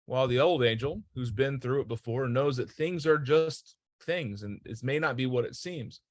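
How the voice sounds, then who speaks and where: A man gives a motivational talk in an earnest, emphatic way, telling stories and throwing out rhetorical questions. His voice sits at an ordinary mid pitch. The sound is close and very dry, with no room around it. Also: moderate pace, no room sound. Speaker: host.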